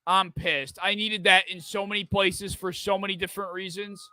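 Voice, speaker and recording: A man's voice: high voice, steady tone, moderate pace, bright, forceful tone. A man hosting a live football watch-party stream, reacting with exasperation, swearing and repeating himself. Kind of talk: live sports reaction chat.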